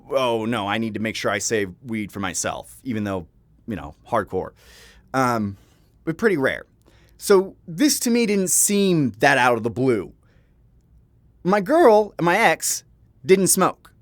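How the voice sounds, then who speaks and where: A man's voice: mid-range voice, no echo. Chuckling man rambling through a story. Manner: rambling, chuckling, frank and profane. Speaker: vlogger. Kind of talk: casual storytime monologue. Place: home, at his computer.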